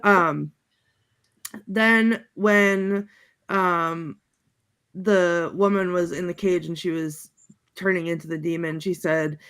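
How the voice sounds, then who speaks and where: A woman's voice: lowish voice, fairly even intonation, slow, pauses often, a bit bright, clear, resonant tone. A woman on a podcast panel, chatting casually over a video call and recapping movie quotes in a rambling, giggly way, full of fillers and restarts.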